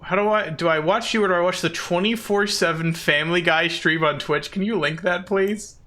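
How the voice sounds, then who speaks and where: A man's voice: sits high, moderate pace, pushed and bright. A man chatting casually with viewers on a live stream, playful and giggly, poking fun at himself. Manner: self-deprecating.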